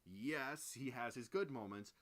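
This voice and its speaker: A man co-hosting a podcast, chatting casually as he recaps and reviews a film in a rambling, animated way. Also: mid-range voice, measured pace. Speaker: podcast co-host. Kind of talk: casual movie review chat.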